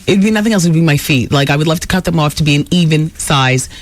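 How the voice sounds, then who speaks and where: Brassy talk radio woman, gossipy. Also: quick pace. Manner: brassy, theatrical, swoops high when excited. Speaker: radio talk show host. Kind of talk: casual radio gossip chat.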